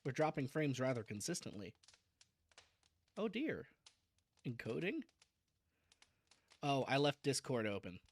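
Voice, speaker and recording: A man's voice: mid-range voice, sing-song, a little slow, pauses often, slightly rough. A man chatting casually on a livestream before reading a novel aloud. He is self-deprecating and restarts his sentences often.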